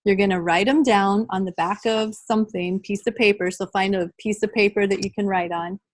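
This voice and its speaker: A woman's voice: mid-range voice, steady tone, fairly quick, rough recording. Conversational woman leading a workshop. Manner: conversational, addresses the group directly. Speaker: trainer. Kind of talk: live workshop training.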